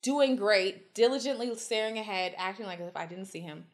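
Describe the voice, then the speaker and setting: A woman guest telling stories in casual chat, animated and swearing freely as she acts out quotes. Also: mid-range voice, brisk. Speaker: podcast guest.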